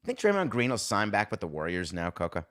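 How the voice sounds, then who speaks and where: A sports podcast host talking in a fairly low male voice. He rants with sarcasm and heat, and his delivery stays animated and opinionated throughout. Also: quick pace.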